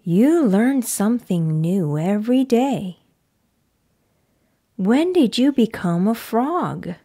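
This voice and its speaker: A woman's voice: mid-range voice, sing-song, slow, dark tone, exaggerated voice. A woman voicing a cautious, worried male elephant who keeps asking puzzled questions, in a children's picture book read-aloud.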